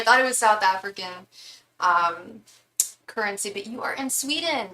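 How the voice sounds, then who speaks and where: A woman's voice: medium pitch, animated, normal speed, pushed and bright, slight background noise. A woman running a live tarot reading stream in casual chat, calling her viewers love and darling.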